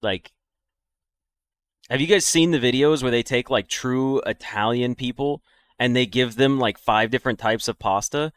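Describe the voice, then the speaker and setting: A man's voice: mid-range voice, normal speed, a bit bright, clean tone, no echo. A man giving casual, rambling let's-play commentary with profane, laughing asides. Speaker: gaming video creator.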